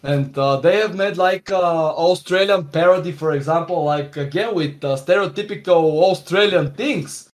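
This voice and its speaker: Brief: male podcast guest, a touch high-pitched, halting delivery with lots of fillers. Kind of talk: casual podcast chat.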